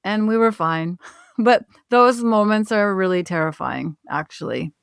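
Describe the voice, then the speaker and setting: A woman's voice: medium pitch, measured pace, creaky, smooth, no room sound, studio quality. A woman, a travel author and podcast guest, telling a travel story in a conversational way, laughing now and then. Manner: animated, laughs while telling stories.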